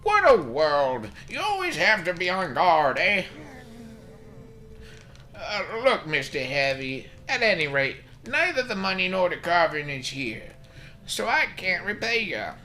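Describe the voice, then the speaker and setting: A man's voice: sits high, sing-song, a little slow, bright, forceful tone, pitched above the performer's own voice, full character voice. A man voicing a stingy, cranky old male town doctor in a raised, whiny, fussy voice full of excuses, reading along with a video game. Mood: whiny, defensive.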